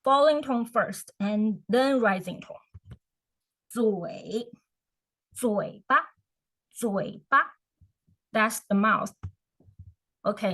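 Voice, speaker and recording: Woman, unhurried beginner lesson, repeats words aloud. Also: on the high side, bright, forceful tone, poor audio. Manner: slow, explanatory, repeats words for practice. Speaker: Chinese language teacher.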